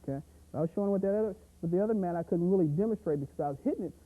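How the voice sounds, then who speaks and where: A man coaching boxing technique in an energetic, punchy way, full of sound effects and repeated catchphrases. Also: sits high, very fast. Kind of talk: instructional pad-work demo. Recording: tinny, phone-like audio.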